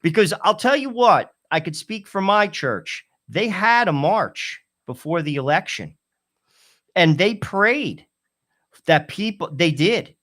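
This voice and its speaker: A man co-hosting a political talk show, answering in a measured way with fillers. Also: high voice, expressive, a bit bright. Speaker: co-host. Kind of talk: political commentary chat.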